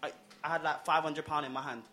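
A man speaking as a guest in a casual panel discussion, telling a story quickly and quietly. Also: on the high side, steady tone.

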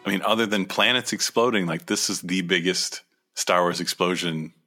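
A man's voice: deep voice, normal speed, over music. A man co-hosting a casual podcast chat, joking and enthusiastic as he banters with his co-host.

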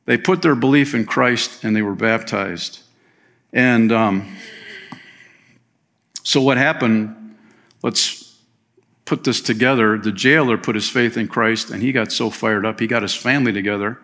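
A man preaching a sermon as pastor, telling a story in a relaxed, conversational way with chatty asides. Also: medium pitch, measured pace, long pauses. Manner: slips into playful voices for quoted people.

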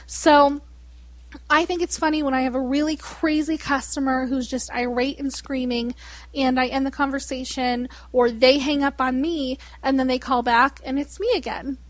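A woman's voice: high voice, moderate pace, dry recording. A woman hosting a casual chat, telling stories with lots of laughter and acting out customers. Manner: animated storyteller, laughs often, mimics callers.

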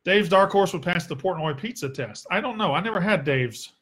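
Young Southern man, a fairly high voice, blunt and sarcastic, casual Q&A host who swears freely. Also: lively intonation, brisk, fairly bright tone, husky. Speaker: sports podcast host. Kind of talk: casual solo Q&A.

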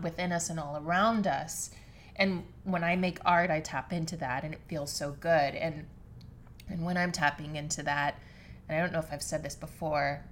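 A woman's voice: low-pitched, slight background noise. A woman hosting a solo podcast from her living room floor, talking in a reflective, earnest way with many restarts and fillers. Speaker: podcast host. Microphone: podcast microphone.

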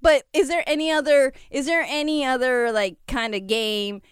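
Playful giggly woman podcasting, kinda high, smooth voice. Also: steady tone, normal speed, no echo, studio quality. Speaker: podcast co-host. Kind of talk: casual chat.

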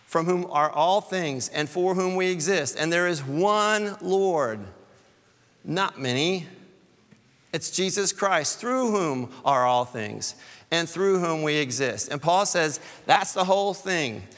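Man, church elder, sermon, fairly high voice, long church reverb, conversational, repeats words. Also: animated, unhurried, fairly bright tone. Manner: conversational, repeats words, builds to emphatic peaks.

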